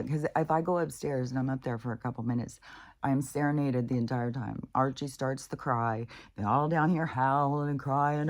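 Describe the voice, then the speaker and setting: A woman's voice: deep voice, fairly even intonation, normal speed. A woman talking in a casual, rambling monologue, swearing freely and restarting her sentences. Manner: profane, rambling, with frequent restarts and laughs. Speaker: vlogger. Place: at home with her dogs.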